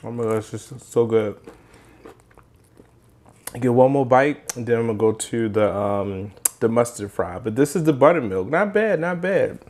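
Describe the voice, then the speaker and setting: A man's voice: lowish voice, normal speed, darkish tone. Chatty man hosting a cooking vlog. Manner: chatty, enthusiastic, talks straight to viewers. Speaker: cooking channel host. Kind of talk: casual cooking vlog, taste test. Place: home kitchen. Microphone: handheld microphone.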